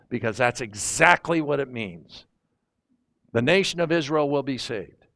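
A man's voice: medium pitch, fairly bright tone. A man teaching a sermon in a conversational way, reading scripture and asking his listeners rhetorical questions. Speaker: preacher.

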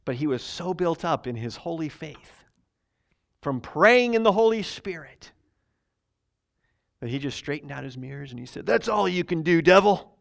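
Male preacher, slightly high voice, emphatic sermon delivery mixed with casual storytelling. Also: vocal fry. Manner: loud and emphatic when preaching, drops to quiet storytelling, laughs often. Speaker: pastor. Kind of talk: sermon with personal stories.

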